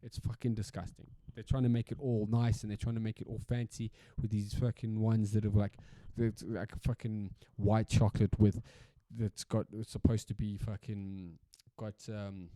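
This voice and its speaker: A man's voice: lowish voice, little pitch movement, moderate pace, few pauses, warm tone, no room sound. A South African man hosting a solo podcast in a casual, rambling rant, swearing freely and repeating himself for emphasis. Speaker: podcast host.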